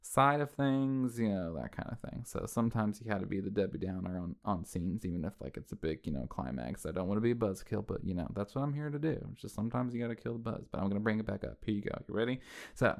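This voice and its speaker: A film commentary host with a lowish voice talks fast while recapping a horror movie scene by scene. It's rambling and conversational, full of "like" and "right?" as he checks in with his audience.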